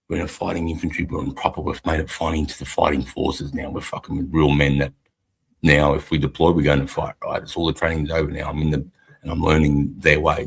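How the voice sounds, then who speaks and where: A man's voice: rumbling low, creaky, slightly rough. A man in his forties with an Australian accent, an army veteran telling blunt, profane war stories in casual rambling talk. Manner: blunt, swears constantly, rambling storyteller. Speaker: army veteran and stream co-host.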